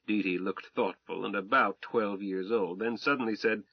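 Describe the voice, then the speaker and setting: A man narrating a first-person audiobook in a plain, measured storytelling manner, on a dull, dry recording. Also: fairly low pitch, steady tone, husky, no room sound.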